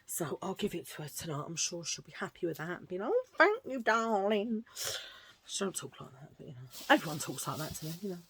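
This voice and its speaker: A woman's voice: sits low, fast talker, few pauses, fairly bright tone, breathy edge. A woman chatting casually through a thrift-shop haul at home, gushing and rambling with restarts. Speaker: vlogger showing a thrift haul.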